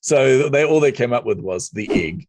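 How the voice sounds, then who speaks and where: A middle-aged man, a podcast guest telling his story with lively acted-out dialogue. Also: mid-range voice, normal speed, dry recording. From New Zealand. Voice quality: lively storyteller who acts out quoted dialogue. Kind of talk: casual storytelling interview.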